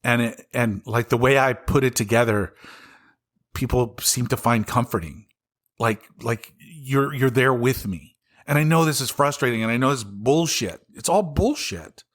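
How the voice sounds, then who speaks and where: This podcast host speaks at an ordinary pace in a mid-range voice with a little brightness and a Southern US accent. Alone on the mic, he vents about politics in an exasperated, foul-mouthed, angry tirade.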